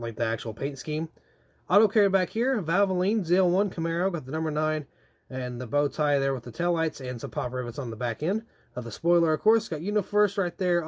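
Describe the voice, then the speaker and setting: A young man reviewing diecast race cars in a chatty, animated way, with slangy asides and drawn-out complaints. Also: fairly high pitch. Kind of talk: casual product review.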